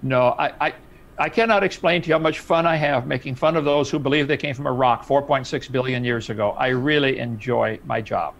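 A man's voice: mid-range voice, brisk, lo-fi sound. A man in a heated debate, talking emphatically and mockingly, with some faint noise behind.

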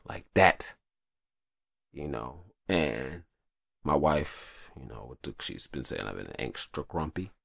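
Deep gravelly man, lively, profane. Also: slow, no echo. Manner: profane, rambling, animated storyteller. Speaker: show host. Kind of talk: casual confessional monologue. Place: hot room upstairs.

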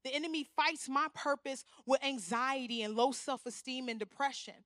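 A woman in her thirties giving an animated, humorous storytelling sermon in a church, speaking straight to the congregation. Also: sits high, moderate pace, no echo, studio quality. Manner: animated, humorous, talks to the crowd as "y'all".

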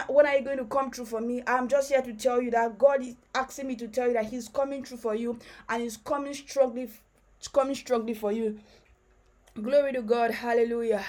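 A woman with a high voice leads fervent prophetic prayer on her podcast. She repeats her declarations and breaks into speaking in tongues. Soft music plays faintly beneath her voice. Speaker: podcast host and preacher.

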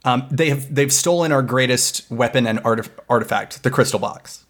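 A man recapping a movie in casual, joking chat, slipping into quick mock voices for the characters. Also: mid-range voice.

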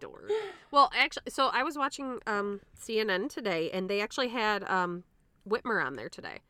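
A woman from Michigan co-hosting a podcast in casual chat, blunt and quick to laugh and swear. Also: medium pitch, animated, pushed and bright, clear, resonant tone, no room sound. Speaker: podcast co-host.

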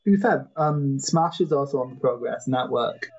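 A man's voice: medium pitch, moderate pace, darkish tone, highs cut off, a little hiss or hum. A man co-hosting a casual watchalong podcast, chatty and knowledgeable, laughing often. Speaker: podcast co-host.

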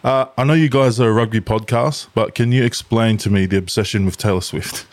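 A man's voice: lowish voice, steady tone, a little fast, a little mellow, no echo. Laid-back male podcast host. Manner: laid-back, chatty, laughs often. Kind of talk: casual podcast interview chat.

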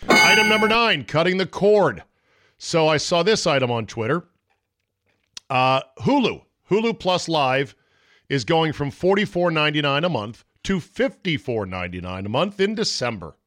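A man's voice: fairly high pitch, big pitch swings, normal speed, a bit bright, no room sound, studio quality. A man hosting a solo sports podcast, blunt and profane, mocking the takes he quotes. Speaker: podcast host. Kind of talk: opinionated solo sports talk.

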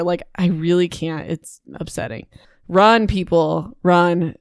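A woman podcast host recapping a novel in a chatty, animated way with indignant asides. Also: lowish voice, measured pace, clear, resonant tone, no echo, clean studio sound. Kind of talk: casual book recap.

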